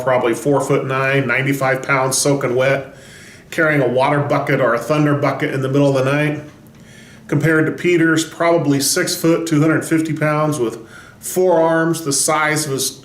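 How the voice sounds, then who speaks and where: A man's voice: fairly high pitch, flat delivery, normal speed. A man giving a short devotional as a pastor, telling the story with folksy humor. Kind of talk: devotional talk. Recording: roomy echo.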